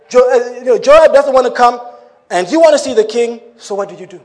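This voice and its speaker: A man preaching a sermon in an animated way, breaking into laughing asides. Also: very high-pitched, a little fast.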